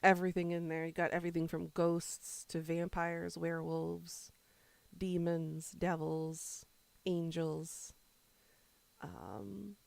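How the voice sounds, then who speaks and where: A woman's voice: lowish voice, level tone, takes it slowly, vocal fry, no echo. A woman streamer chatting casually with her viewers, rambling between topics and answering chat while she eats.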